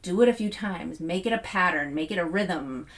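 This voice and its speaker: A woman's voice: lowish voice, normal speed. Woman podcast host, middle-aged, chatty motivational talk with easy laughs and fillers.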